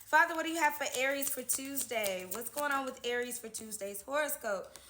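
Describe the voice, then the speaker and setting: Lady doing a chatty tarot reading, bright voice, keeps saying okay, roomy echo. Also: high-pitched, brisk, slight background noise. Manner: chatty, keeps adding "okay?" to her lines. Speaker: tarot reader. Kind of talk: casual tarot horoscope reading.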